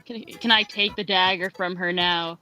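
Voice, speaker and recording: Bright-voiced hesitant woman player. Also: on the low side, fairly even intonation, moderate pace, poor audio. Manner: hesitant, brief. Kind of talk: playing a tabletop game.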